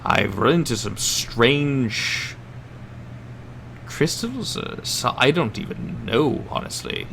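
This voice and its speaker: A man voicing a mysterious cloaked man who speaks low, hushed and measured in a tabletop game. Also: slight background noise. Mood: hushed, guarded.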